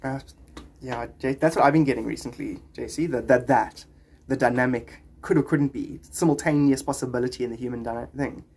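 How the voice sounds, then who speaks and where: A man's voice: medium pitch, fairly even intonation, a little fast, a little mellow, slightly rough. A man chatting on a live stream, reading viewers' comments and rambling into spiritual musings.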